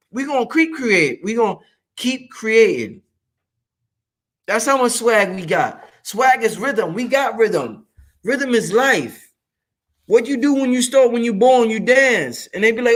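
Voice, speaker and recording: Guy with a pretty high voice ranting casually to his viewers, swears a lot, animated. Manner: animated, shouts curse words for emphasis; freewheeling, emphatic and profane. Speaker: channel host. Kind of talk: casual monologue to camera.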